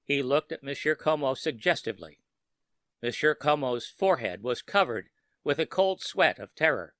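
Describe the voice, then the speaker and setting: A man narrating a scripted horror story for sleep in a steady, measured way. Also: mid-range voice, no room sound.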